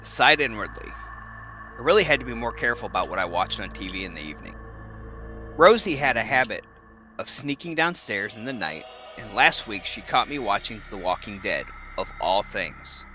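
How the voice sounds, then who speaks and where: A man reading a horror story aloud in first person, expressive and lively. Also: fairly low pitch, moderate pace, faint music behind.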